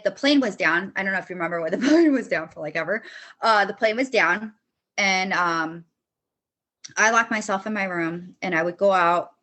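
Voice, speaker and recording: Blunt, bright-voiced woman telling her story. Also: mid-range voice. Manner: blunt, swears often, retells arguments in quotes. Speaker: podcast guest. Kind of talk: candid personal storytelling.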